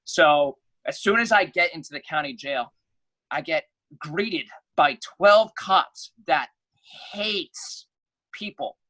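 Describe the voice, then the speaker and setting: A man's voice: on the high side, slow, poor audio. A young man, a podcast guest, telling a story in casual chat and acting out the voices in it. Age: young adult. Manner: animated, acts out quoted voices loudly.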